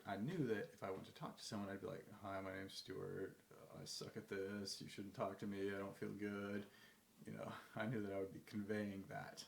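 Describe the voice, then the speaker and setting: A man with a low, gravelly voice rambles through casual advice, full of fillers and restarts. He sounds like he is in an echoey room with a faint hiss behind him. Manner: rambling, many fillers and restarts, acts out phone calls. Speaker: vlogger giving advice. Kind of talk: casual talk to camera.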